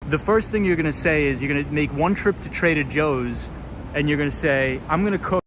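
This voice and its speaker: Chatty man livestreaming on loud night streets. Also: fairly high pitch, fairly quick. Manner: chatty, upbeat, reads comments aloud and answers them. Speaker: livestream vlogger. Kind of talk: casual livestream chat, reading viewer comments aloud. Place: outdoors on city streets at night. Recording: street noise behind a loud outdoor stream. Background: loud traffic and city ambience.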